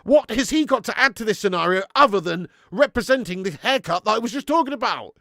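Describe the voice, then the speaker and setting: Here the fan channel host's voice is high-pitched, fast and creaky, captured dry with studio clarity. Running a live football watch-along, he curses a lot, stays animated, and reads out messages from viewers.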